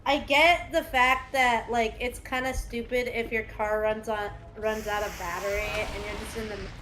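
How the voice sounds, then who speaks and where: A woman hosting a casual gaming chat, giggly and rambling, quick to joke about herself. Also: a little high, steady tone, a bit bright, faint music behind, low-quality recording. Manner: giggly, rambling, self-deprecating. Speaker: streamer host.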